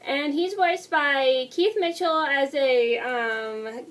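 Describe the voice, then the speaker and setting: Young woman in her twenties, high voice, quick rambling vlog talk, heard a bit off the mic. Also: recorded from a distance. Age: 20s. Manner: fast, rambling, apologetic. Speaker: vlogger. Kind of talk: casual movie review.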